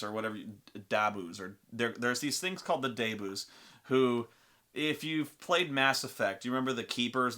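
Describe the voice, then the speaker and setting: Dude ranting through an old gaming story, swears a lot, bright edgy voice. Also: male voice, medium pitch. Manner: profane, animated, rambling. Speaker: storyteller and host. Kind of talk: casual storytelling.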